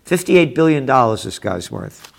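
A man's voice: medium pitch, very animated, moderate pace, vocal fry, slight background noise. A man hosting a show, reading news headlines aloud and commenting with sarcastic, profane asides that turn heated. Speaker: host.

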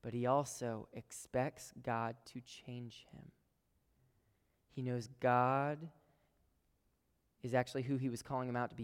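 A man preaching a sermon to a congregation he calls "guys", swinging between emphatic, loud lines and hushed whispers. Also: mid-range voice, gravelly. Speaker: pastor. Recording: long hall reverb.

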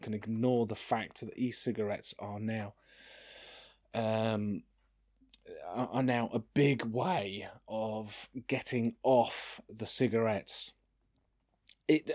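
A man's voice: medium pitch, dry recording. Rambling man, dry close sound. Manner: rambling, sidetracked, restarts and chuckles. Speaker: podcast host. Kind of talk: casual solo podcast chat.

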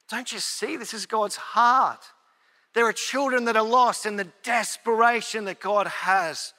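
A man preaching a sermon in a high, bright, ringing voice. He talks earnestly and conversationally, acting out his own inner dialogue. The sound carries a long hall reverb. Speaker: pastor.

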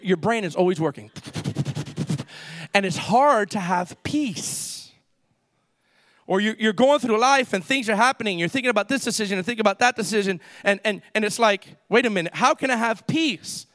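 A man preaching a sermon in an animated way, acting out panicked voices and building up to shouts. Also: extremely high pitch, no room sound.

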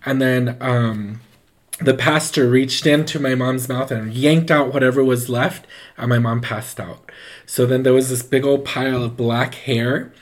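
A man tells a story in casual chat, rambling loosely with lots of "like" and animatedly acting out the voices of the people involved. His voice is mid-range and unhurried.

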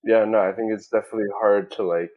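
A man's voice: fairly low pitch, fairly even intonation, fast, narrow, tinny audio. Chatty young man from Queens. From Queens, New York. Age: young adult. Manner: chatty, heavy on fillers like "like", laughs easily. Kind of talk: casual podcast chat.

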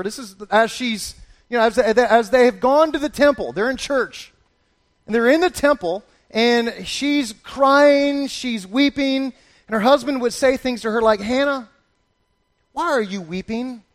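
A middle-aged male pastor preaching a sermon, animated and storytelling, slipping into playful voices for the people in the passage. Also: very high-pitched, moderate pace.

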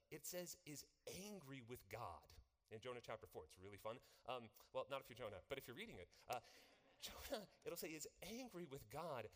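A man preaching a sermon, animated and quizzing his congregation with questions. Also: on the high side. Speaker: pastor. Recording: long hall reverb.

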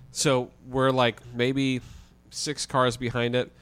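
A man, a guest on a podcast, telling a story in a casual, animated way with the odd swear word. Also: mid-range voice, slow pace, clean tone, dry recording. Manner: animated, vivid retelling with occasional swearing.

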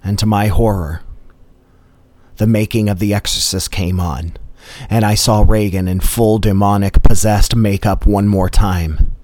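Guy telling a funny story, low voice, dead dry sound. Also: steady tone, a little slow, a little mellow, no room sound. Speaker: storyteller host. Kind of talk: comedic personal storytelling.

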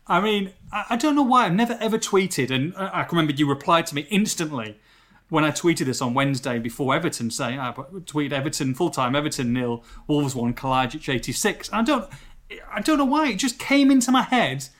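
Slightly high male podcast co-host, lively storyteller, pokes fun at himself. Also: brisk. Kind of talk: casual podcast chat.

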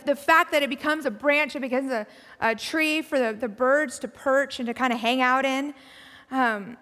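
A woman pastor giving a conversational, reflective sermon, often dropping to a soft, quiet voice. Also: sits high. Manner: conversational, reflective preaching with soft drops in volume. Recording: long hall reverb.

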